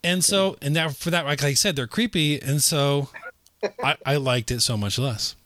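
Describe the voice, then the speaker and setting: A man's voice: on the high side, moderate pace, fairly bright tone, no room sound, studio quality. A man in casual conversation about a movie, rambling with many fillers and restarts.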